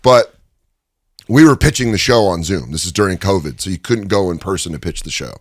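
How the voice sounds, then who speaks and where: A man's voice: low voice, fairly quick, no echo, studio quality. A man who is a stand-up comedian, telling stories in a casual interview with lots of laughter and energy. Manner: animated, laughing storyteller. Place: recording studio.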